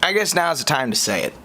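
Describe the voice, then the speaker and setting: A young man from the United States hosting a podcast, reacting in an exasperated way that swings between high outbursts and low muttering. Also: sing-song, moderate pace, sharp tone. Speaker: podcast host.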